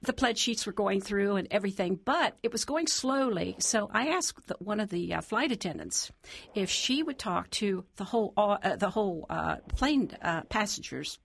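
A woman from Southeast Ohio, a guest on a radio show, telling her story in a chatty, animated way and quoting the people she met. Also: medium pitch, normal speed, creaky, slightly rough, no room sound. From Southeast Ohio, USA. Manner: chatty, animated retelling with quoted dialogue and laughs.

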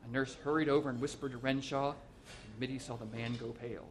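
A man reading a short story aloud as narrator, in an even, measured way. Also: medium pitch, a little hiss or hum.

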